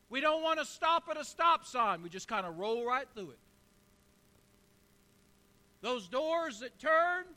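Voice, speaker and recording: A man in his sixties preaching with emphatic, repeated phrases and storytelling. His voice sits very high for a man. It sounds bright and forceful. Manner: emphatic, repetitive rhetorical delivery. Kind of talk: sermon with storytelling.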